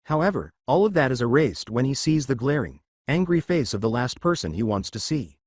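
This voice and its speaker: A man reads fan fiction aloud in a steady storytelling manner. His voice sits at a middle pitch with lively swings, and the recording is dry and close. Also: fairly quick, dry recording. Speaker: narrator. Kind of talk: scripted fan fiction narration.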